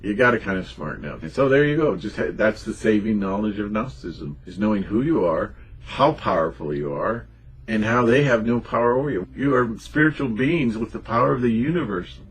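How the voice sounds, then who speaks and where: A man's voice: lowish voice, animated, a little fast, breathy edge. A man delivering a rambling, emphatic, unscripted monologue in a conspiratorial tone as a spiritual channel host.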